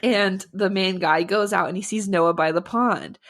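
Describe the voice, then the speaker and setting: A young woman with a medium-pitched, slightly bright voice co-hosts a podcast. In casual chat she recaps a book, chatty and sarcastic, laughing often and tossing in quick asides.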